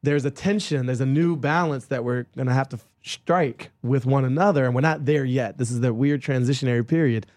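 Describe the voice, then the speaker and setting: A man speaking as an author guest in a casual conversation, animated and self-mocking, with quick jokes. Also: mid-range voice, no echo, studio quality.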